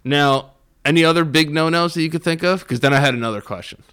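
A man's voice: on the high side, fast talker, a bit bright, clear, resonant tone. A man co-hosting a podcast, asking questions and teasing in casual chat. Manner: teasing, swears, asks questions. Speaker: podcast co-host.

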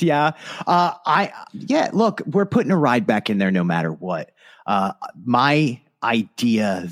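A man co-hosting a podcast in casual chat, animated and enthusiastic. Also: medium pitch. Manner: animated, breaks into a put-on Canadian voice. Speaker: podcast co-host.

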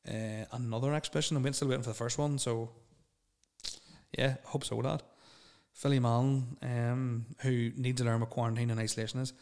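A man's voice: medium pitch, fairly even intonation, moderate pace, a little mellow, clean tone. A young man hosting a solo podcast, rambling and swearing bluntly as he answers listener questions. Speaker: podcast host.

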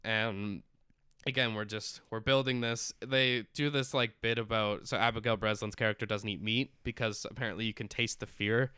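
A man's voice: lowish voice, steady tone, normal speed, sharp tone, smooth, no echo. A man chatting casually as a podcast co-host, rambling through a film's plot with lots of fillers and acted-out quotes. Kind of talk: casual chat recapping a film.

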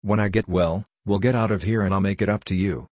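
A man's voice: on the low side, steady tone, fast talker, darkish tone, dry recording, clean studio sound, lightly acted. A man voicing a hopeful male prospector, down on his luck, in an earnest, pleading manner.

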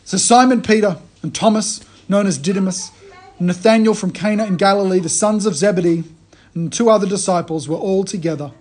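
A man giving a conversational sermon, retelling a story in a lively way and often restarting his phrases. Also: high voice, a little fast. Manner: animated storytelling, frequent restarts. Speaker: preacher.

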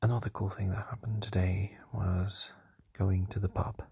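In a shared home at night, a young man lies down and quietly whispers his nightly podcast diary so as not to wake his nearby housemates. Slow, flat, and very breathy, his low and dark voice hesitates again and again on fillers.

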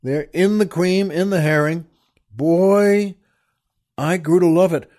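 Rambling storytelling man, slightly high voice. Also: a little mellow. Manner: rambling, digressive, with frequent pauses and restarts; addresses listeners directly. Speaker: radio show host. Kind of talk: storytelling monologue.

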